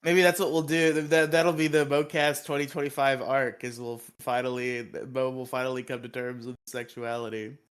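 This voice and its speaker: A man's voice: mid-range voice, flat delivery, a bit bright. A man co-hosting a podcast, chatting casually and teasing with some swearing. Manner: teasing, quick to laugh, profane. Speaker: podcast co-host and editor. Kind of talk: casual chat.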